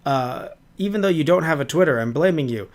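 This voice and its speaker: A man's voice: fairly high pitch, lively intonation, brisk. A man co-hosting a casual podcast chat, talking in a rambling, hesitant way with frequent swearing. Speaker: podcast co-host.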